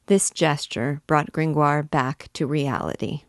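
A woman reading a classic novel aloud in a measured, clear way. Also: very deep voice, no room sound, clean studio sound. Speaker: reader.

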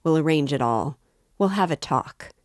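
A woman's voice: low-pitched, animated, unhurried, darkish tone, no room sound, studio quality. A woman reading an audiobook voices an affable, prying older male magistrate who talks with excessive politeness. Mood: amiable probing. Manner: overly polite, familiar, insinuating.

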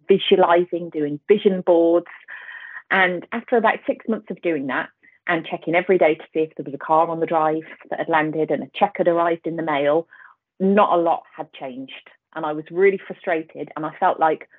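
A woman's voice: low voice, breathy edge. A British woman, a coach from the UK, telling her story as a podcast guest in a reflective, earnest way. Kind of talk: interview storytelling. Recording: tinny phone-like remote call.

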